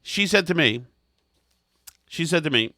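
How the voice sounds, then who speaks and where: Casting: male podcast co-host, bright tone, dry close studio mic, rambling comic storyteller. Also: a little high, animated, measured pace, no echo. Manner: rambling, self-mocking anecdotes. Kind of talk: comedic storytelling chat.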